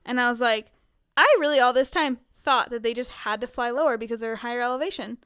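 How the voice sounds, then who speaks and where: Bright, high-voiced giggly American woman. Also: fast talker, clean tone, no echo, clean studio sound. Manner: giggly, animated storyteller. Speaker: podcast co-host. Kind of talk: casual chat.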